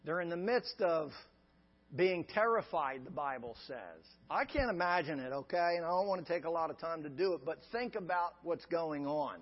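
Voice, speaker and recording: A man's voice: fairly high pitch, expressive, normal speed. A male pastor preaching a sermon with an emphatic, repetitive cadence. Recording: dull lo-fi sound with long reverb.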